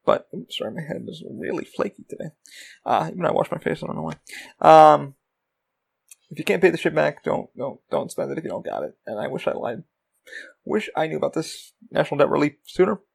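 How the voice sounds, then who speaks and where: A man's voice: fairly high pitch, sing-song, fairly quick, creaky, husky. A man hosting his own podcast, rambling casually about running a small business and swearing freely. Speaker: podcast host. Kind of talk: rambling solo podcast talk.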